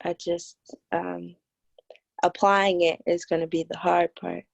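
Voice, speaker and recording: A woman's voice: fairly low pitch, level tone, takes it slowly, vocal fry, dry recording, muffled recording. A young woman in her early twenties, telling a story animatedly and giggly in a casual chat. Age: 20s.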